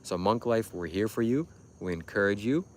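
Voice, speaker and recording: In a lowish, expressive voice at a moderate pace, a man hosts a livestream and lectures his chat in a monologue. His tone is insistent and preachy, and he repeats himself. There's a bit of hiss or hum.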